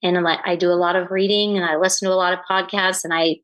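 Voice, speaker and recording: A woman in her forties speaking as an interview guest, earnest and reflective, pausing often with fillers and restarts. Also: lowish voice, flat delivery, a bit bright, rough recording. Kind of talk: candid conversational interview.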